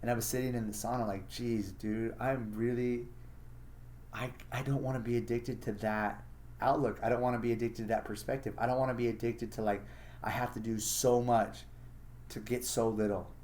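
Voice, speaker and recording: A man's voice: medium pitch, steady tone, moderate pace, darkish tone. A man hosting a casual solo monologue, blunt and profane, acting out his own inner thoughts as he talks. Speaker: podcast host.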